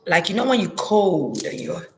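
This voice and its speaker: A woman's voice: lowish voice, big pitch swings, normal speed, darkish tone, a little hiss or hum. A woman giving a psychic reading in a hesitant, murmuring way, repeating words and trailing off. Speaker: psychic reader. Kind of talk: intuitive reading monologue.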